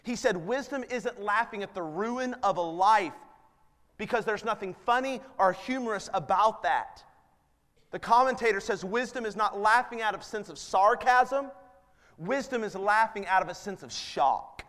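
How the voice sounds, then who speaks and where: A man in his thirties delivers a sermon, his high voice earnest and then pressing hard on each appeal. The sound carries a long hall reverb around him, as in a church sanctuary. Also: normal speed, a bit bright. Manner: earnest, rising to emphatic appeals. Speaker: pastor.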